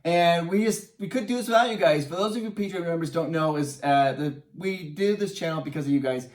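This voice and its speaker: A man's voice: a little high, brisk, echoey room, distant mic. A man hosting a casual vlog, reading viewer answers aloud with enthusiasm and frequent laughter. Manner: upbeat, enthusiastic, laughs often. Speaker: vlog host.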